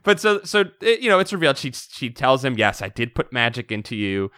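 A man's voice: mid-range voice, fairly quick, clear, resonant tone, no echo, studio quality. A man co-hosting a casual podcast, recapping a book with laughter and frequent swearing. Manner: animated, laughing, swears freely. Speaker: podcast co-host.

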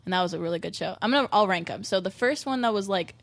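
A woman's voice: medium pitch, quick pace, gravelly. A young woman, a touring musician, chatting casually on a podcast, bubbly and laughing often as she acts out what people said.

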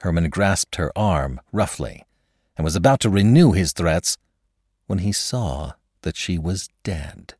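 Deep-voiced man reading a classic tale. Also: measured pace, breathy edge, no echo, clean studio sound. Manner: expressive, dramatic storytelling. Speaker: podcast narrator. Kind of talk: scripted narration.

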